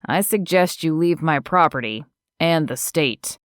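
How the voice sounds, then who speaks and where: Woman doing a calm, protective ex-soldier. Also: low voice, measured pace, no echo, clean studio sound. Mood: firm. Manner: calm, firm, steady.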